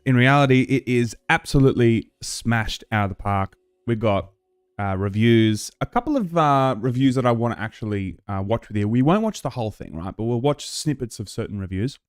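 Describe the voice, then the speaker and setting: A man's voice: mid-range voice, expressive, moderate pace, clean tone, no echo, clean studio sound. A man from Australia hosting a live stream, chatting casually to his viewers with lots of fillers and restarts.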